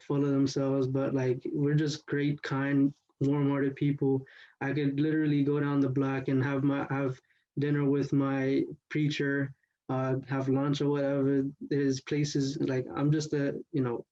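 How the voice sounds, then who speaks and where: A man's voice: medium pitch, dark tone, muffled recording. A teenage boy retelling a partner's story in first person, talking loosely with lots of "like" and "you know". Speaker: student storyteller.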